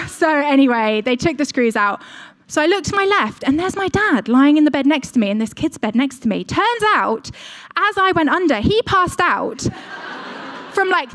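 A young woman preaching a sermon, telling a personal story in a chatty way, with frequent fillers and asides to the congregation. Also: high-pitched.

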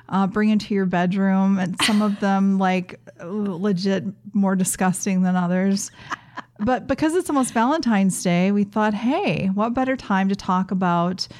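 A middle-aged woman co-hosting a podcast, chatting in a lively way with frequent laughs. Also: mid-range voice, measured pace. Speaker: podcast co-host. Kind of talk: casual chat.

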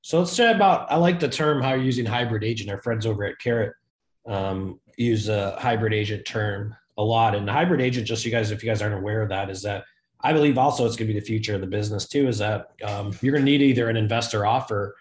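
A man hosting a podcast, talking in a loose, energetic, casual way with slang. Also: on the low side, quick pace, roomy sound. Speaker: podcast host.

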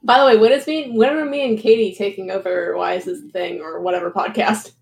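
A woman's voice: mid-range voice, fairly even intonation, quick pace, vocal fry, darkish tone. A woman joining a casual podcast chat, teasing and bantering with the hosts. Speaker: podcast guest.

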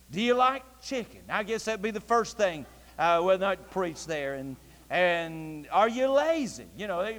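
A man preaching a sermon, telling his story with feeling and building to fervent, near-shouted passion. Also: high-pitched. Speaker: pastor. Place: church sanctuary. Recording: long church reverb.

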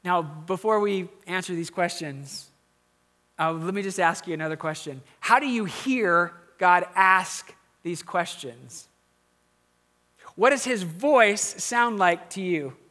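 A man delivers a sermon in a high, bright voice. He talks to his listeners conversationally, drops low for quiet asides, and rises to press his questions home. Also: lively intonation, slow pace. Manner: conversational preaching, dropping to quiet asides and rising to emphatic questions. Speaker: pastor.

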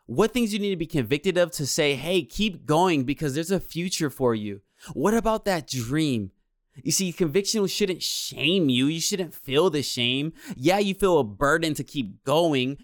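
Earnest, preacherly young man, smooth voice. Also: fairly high pitch, no room sound, studio quality. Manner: earnest, preacherly, repeats "you see". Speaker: motivational speaker. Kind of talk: inspirational monologue.

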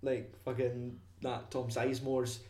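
Young man, casual sweary film chat, mid-pitched, roomy echo. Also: unhurried. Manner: sweary, animated, acts out scenes. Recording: echoey room.

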